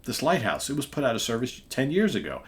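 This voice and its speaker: A man's voice: medium pitch, huge pitch swings, fast talker, voice pushed up. A man reading the lines of a stubborn fishing captain who scoffs at monster stories, with a scornful, blustering delivery.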